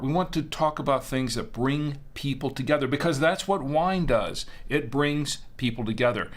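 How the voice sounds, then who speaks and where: A man's voice: a little high, fairly bright tone. A man hosting a live-streamed show, chatting casually in a rambling way and correcting himself as he goes. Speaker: host.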